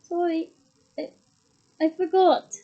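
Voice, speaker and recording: A man's voice: extremely high pitch, flat delivery, takes it slowly, full character voice. A woman voicing a nervous teenage wizard boy who speaks hastily and apologetically. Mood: apologetic. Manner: hasty, apologetic. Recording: muffled lo-fi recording.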